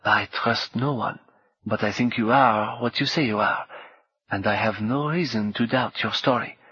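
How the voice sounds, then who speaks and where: A man voicing a grave, guarded mysterious woman hacker, speaking quietly and formally. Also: lowish voice, moderate pace, breathy edge, no echo, dull audio.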